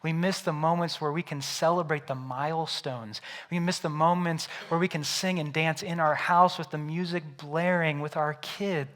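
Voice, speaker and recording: A young man, a pastor, preaching a sermon in a conversational way, often tossing in "right?" and moving between lively storytelling and quiet reflection. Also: on the high side, normal speed, few pauses. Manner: builds loud through storytelling, drops quiet and soft for reflection.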